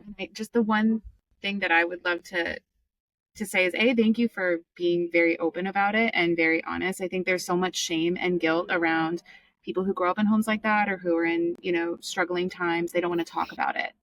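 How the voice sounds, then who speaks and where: A woman's voice: fairly low pitch, fairly even intonation, fairly quick, distant mic. A woman co-hosting a podcast, affirming her guest and asking him questions in an effusive way. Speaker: podcast co-host. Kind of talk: interview chat.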